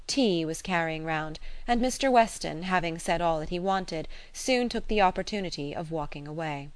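Measured female audiobook narrator, low, dry. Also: dry recording. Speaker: audiobook reader. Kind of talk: scripted narration.

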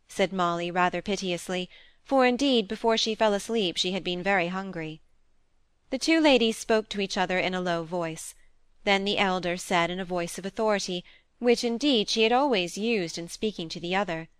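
Female audiobook reader, steady measured narration, mid pitch, dry sound. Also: smooth, no echo. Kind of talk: scripted narration of a classic novel.

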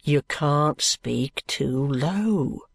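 A gloomy, cautious young man, read by a woman narrating a classic novel, speaking low and gravely as if afraid of being overheard. Her voice sits deep for a woman. The recording is close and dry. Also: fairly even intonation, normal speed, no room sound. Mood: wary hush.

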